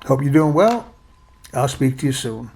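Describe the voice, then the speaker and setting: A man's voice: medium pitch, sing-song, moderate pace, warm tone, a little hiss or hum. A man casually telling a personal story, chatty and plainspoken, poking fun at himself. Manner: chatty, plainspoken, self-deprecating.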